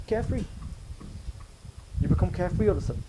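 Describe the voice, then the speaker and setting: Fast-talking male speaker. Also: sits high, lively intonation, very noisy. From United Kingdom. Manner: conversational, asks the audience questions. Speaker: visiting religious speaker. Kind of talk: religious lecture to a camp audience. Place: camp hall with a live audience.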